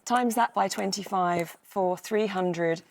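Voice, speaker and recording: A woman's voice: mid-range voice, slow, slight background noise. Methodical woman explaining quiz sums. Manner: clear, methodical. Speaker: quiz show co-presenter. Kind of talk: calling letters and numbers.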